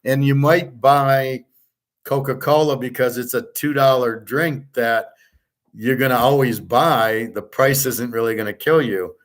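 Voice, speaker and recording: A middle-aged man hosts a class on betting and economics, speaking at a measured pace in a mid-range voice. His delivery is a blunt, profane, rambling rant, and he lectures listeners as if they were his students.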